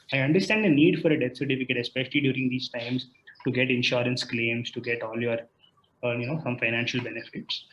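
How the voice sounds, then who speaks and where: A man explains legal rights to an online audience in a calm, mid-pitched voice, pausing and restarting as he searches for words. The sound has a roomy echo, and the video call audio is dull and muffled. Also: slight background noise. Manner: hesitant, many restarts and fillers. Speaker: legal expert guest.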